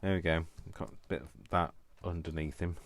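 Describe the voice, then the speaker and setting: A man's voice: low-pitched, fairly even intonation, a little fast, no room sound. A man hosting a crafting video, chatting casually as he works, talking to himself and poking fun at himself, prone to fits of giggling. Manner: talks to himself while working, rambling and self-mocking. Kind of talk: casual crafting vlog narration.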